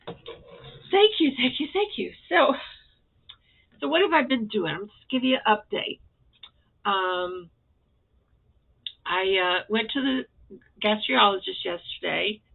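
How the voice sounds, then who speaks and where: A woman's voice: medium pitch, creaky. An older woman vlogging about her crafts, rambling and effusively grateful, with a self-deprecating way of talking. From Florida. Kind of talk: casual chatty update. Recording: tinny phone-like sound.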